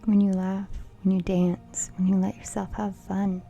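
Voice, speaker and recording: A middle-aged woman doing a casual card reading, playful and giggly, often dropping into a soft whisper. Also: medium pitch, level tone, unhurried, creaky, faint music behind. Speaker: tarot reader.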